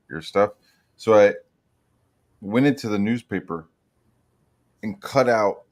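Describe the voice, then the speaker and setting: Profane rambling man, low voice. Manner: profane, rambling storyteller with loud excited outbursts. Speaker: podcast co-host. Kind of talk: crude casual chat.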